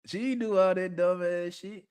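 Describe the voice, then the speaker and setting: A man's voice: high-pitched, fairly even intonation, unhurried, a little mellow, clean tone. A man hosting an unscripted monologue, blunt and profane, laughing often as he talks. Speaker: podcast host.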